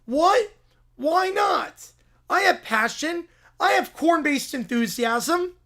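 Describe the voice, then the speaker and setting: A man playing a goofy young man who shouts the same corn pun catchphrase again and again, in a comedic read-aloud. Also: extremely high pitch, expressive, slow pace, full character voice. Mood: goofy, shouting.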